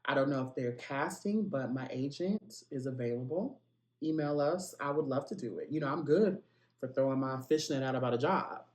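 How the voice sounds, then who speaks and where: A man hosting a gossip podcast, with a voice of middle pitch. He talks in a chatty, playful way, jumping into asides and speaking straight to his audience. The recording carries a noticeable room echo. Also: moderate pace, darkish tone. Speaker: podcast host. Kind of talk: casual celebrity gossip podcast.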